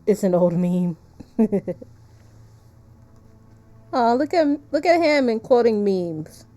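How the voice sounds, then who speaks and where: Woman game streamer, unhurried and mellow, chatty and easy to laugh. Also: a little high, sing-song. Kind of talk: casual gameplay commentary.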